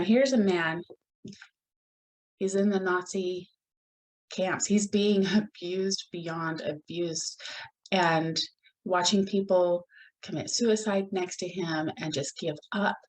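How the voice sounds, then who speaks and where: A woman hosting her own podcast, talking in an earnest, reflective way with pauses and restarts. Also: on the low side, rough recording. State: gets emotional at moments. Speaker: podcast host. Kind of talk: solo podcast talk.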